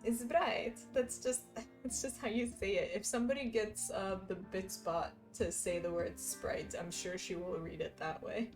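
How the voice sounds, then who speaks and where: A woman's voice: mid-range voice, fairly even intonation, moderate pace, faint music behind. A young woman livestreaming, chatting casually and reading viewers' messages aloud while she stitches, laughing often. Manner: giggly, chatty, reads chat messages aloud.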